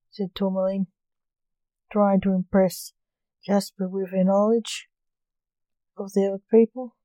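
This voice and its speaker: A woman reading a short story aloud in a slow, measured way. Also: medium pitch, level tone, dark tone, dry recording, rough recording.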